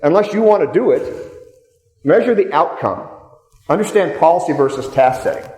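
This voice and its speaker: Speaking at normal speed in a slightly high, animated voice with a darkish tone, this seminar speaker addresses a live meeting-room audience. His style is direct and story-driven, with key points repeated for emphasis. The recording echoes, and at times he's off-mic.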